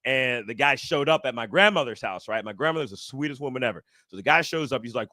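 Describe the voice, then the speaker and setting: A man doing a stand-up comedy set on stage, animated and acting out other people's voices. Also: fast talker, hardly any pauses, no echo. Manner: animated, acts out other people's voices with big jumps in pitch. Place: comedy stage before a live audience.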